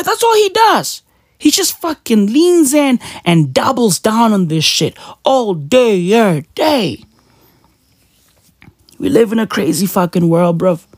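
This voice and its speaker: A woman's voice: on the high side, no echo, studio quality. A woman ranting in a profane, mocking and indignant monologue, constantly asking her listeners "right?". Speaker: commentator.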